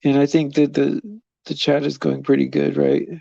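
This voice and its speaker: A man's voice: fairly high pitch, monotone, moderate pace, gravelly, mellow, dry recording, highs cut off. A man hosting a live stream, chatting loosely with viewers in a rambling way and chuckling often. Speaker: livestream host.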